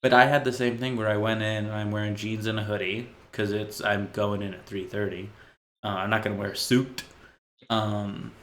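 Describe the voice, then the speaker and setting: Young guy cohost, lowish voice, dry teasing, kinda echoey room. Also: level tone, normal speed, fairly bright tone. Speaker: podcast co-host. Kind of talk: casual chat.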